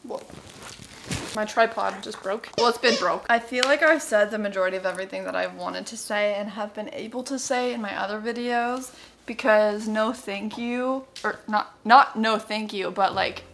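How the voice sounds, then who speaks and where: A woman YouTuber talking in a casual vlog, excitable and gushing, full of exclamations. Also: medium pitch, moderate pace, creaky.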